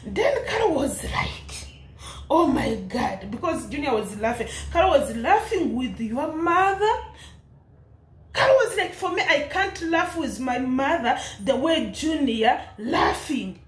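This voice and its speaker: A woman's voice: high-pitched, animated, measured pace, reverberant. A woman with an East African English accent ranting in commentary, indignant and laughing, firing rhetorical questions. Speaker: commentary vlogger.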